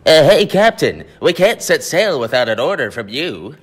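A man's voice: on the high side, big pitch swings, moderate pace, husky, pitched above the performer's own voice. A young man voicing an eager male pirate sidekick with a bubbly, warbling voice, in the style of a 1950s radio commercial.

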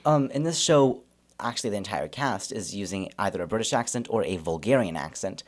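A young man with a somewhat low voice talks easily about his character. He answers interview questions in a relaxed way. It sounds like casual conversation. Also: brisk. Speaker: cast member.

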